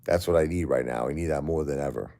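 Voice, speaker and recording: Drained middle-aged male livestream host, very deep and dark, stumbling through his grief. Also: vocal fry. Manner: grieving, weary, halting with repeated words. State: emotionally drained. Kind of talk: casual livestream talk to viewers.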